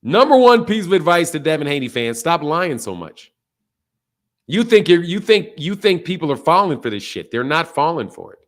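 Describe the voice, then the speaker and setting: A man hosting a boxing channel, delivering a loud, profane, fired-up rant in casual stream talk, laughing between points. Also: a little high, very animated, normal speed.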